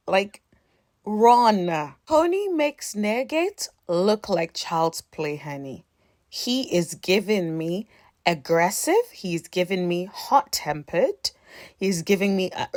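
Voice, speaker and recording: A woman's voice: medium pitch, a little mellow, no echo, studio quality. A young adult woman recapping a reality show in casual commentary. She is sassy and chatty, with a slightly worn voice and dramatic reactions. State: voice a bit worn.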